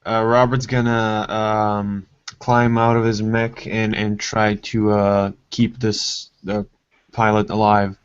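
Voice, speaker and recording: A man's voice: on the low side, little pitch movement, slow, clear, resonant tone. A man playing a tabletop game, hesitant and stopping often to fill gaps. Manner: hesitant, many fillers. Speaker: player. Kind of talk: casual tabletop play. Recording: dull lo-fi dry recording.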